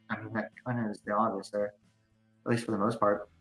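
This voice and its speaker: A man's voice: fairly low pitch, level tone, fast, a bit bright. A male co-host chatting casually and reading news articles aloud, with loose fillers and blunt asides. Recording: roomy echo with faint music.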